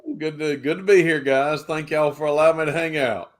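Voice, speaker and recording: A man's voice: on the high side, fairly even intonation, a little fast. A man with a Georgia Southern US accent, a pastor chatting casually and easygoingly on a livestream. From Georgia, United States. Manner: easygoing, laughs often.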